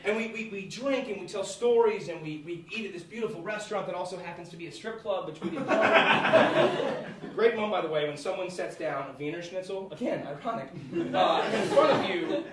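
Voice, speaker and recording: A man's voice: high voice, fairly quick. A young man in his twenties telling a personal story live on a theatre stage, laughing through it and restarting sentences as he goes. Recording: echoey hall from far off, noisy.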